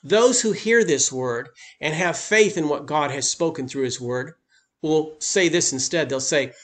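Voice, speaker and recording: A man's voice: a little high, measured pace, fairly bright tone. A man preaching a sermon as pastor, speaking emphatically and lifting his voice on key points.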